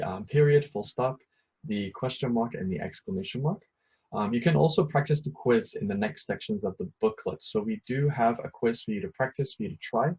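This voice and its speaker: A man with a slightly husky, breathy voice gives a patient grammar lesson. He explains each point and then repeats it in plain terms. The recording sounds a little dull and lo-fi. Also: lowish voice, a little mellow. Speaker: English teacher.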